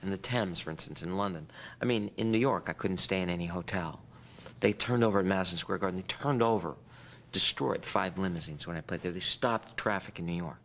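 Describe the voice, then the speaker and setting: Gravelly-voiced man recalling his past. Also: sits low, a little fast, a bit bright, a little hiss or hum. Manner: plain, reflective storytelling. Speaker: interviewee recalling his fame. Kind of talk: documentary interview.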